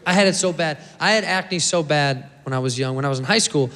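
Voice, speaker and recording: Animated stand-up comedian, man in his thirties. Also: on the high side, a little fast, big-room sound. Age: 30s. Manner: animated storytelling with voices. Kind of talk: stand-up set.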